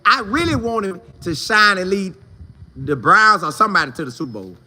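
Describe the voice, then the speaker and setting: A man hosts a sports talk show, chatting casually and answering viewer comments in a slangy, repetitive, animated style. His voice sits high and he talks fairly quickly.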